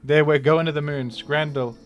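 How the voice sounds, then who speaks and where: A man's voice: on the high side, fairly even intonation, normal speed, highs cut off, faint music behind. A young man, casually joking and rambling through a live game stream. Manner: joking, rambling, exclaims loudly when surprised.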